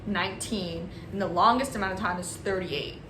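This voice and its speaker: A woman's voice: fairly low pitch, moderate pace, reverberant, noisy background. A young woman vlogging herself baking at home, talking casually, nervous and joking at her own expense. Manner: nervous, self-mocking, excitable. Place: home kitchen.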